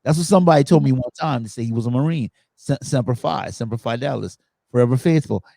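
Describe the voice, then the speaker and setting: A man hosting a podcast, telling stories in a lively way and acting out the quotes. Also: mid-range voice, quick pace, gravelly, no echo. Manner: animated storytelling, acts out quotes. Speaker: podcast host. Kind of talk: casual chat.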